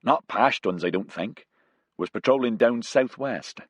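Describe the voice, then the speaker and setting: A man's voice: medium pitch, expressive, a little slow, husky, no echo, pitched above the performer's own voice. A man voicing a plain-spoken British corporal with a West Country accent. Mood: matter-of-fact. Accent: West Country English.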